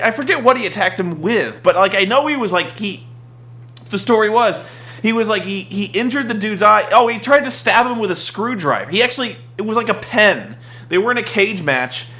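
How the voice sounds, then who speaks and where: A young man rambling through a sarcastic, casual rant about a wrestling show, full of "like" and mocking asides. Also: high-pitched. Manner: rambling, sarcastic, mocks with shouted impressions. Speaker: podcast host recapping wrestling.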